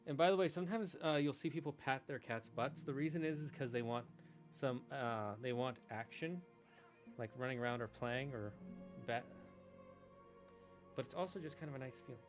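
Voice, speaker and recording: A man's voice: mid-range voice, normal speed, faint music behind. A man streaming a game, chatting in a casual, rambling way and talking affectionately to his cat. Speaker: gaming streamer. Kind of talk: casual chat.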